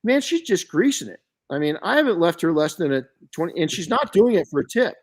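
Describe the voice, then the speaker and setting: A middle-aged man hosting a podcast, chatting casually and telling stories in an animated way, often restarting his sentences. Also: high voice, brisk. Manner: storytelling, animated, frequent restarts and self-corrections. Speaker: podcast host.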